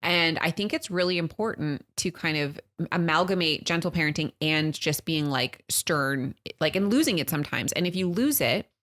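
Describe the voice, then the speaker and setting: On a podcast, a woman in her thirties with a strikingly low voice chats casually as a co-host. She tells stories with lively energy, acting out quotes from her kids and herself with quick impressions.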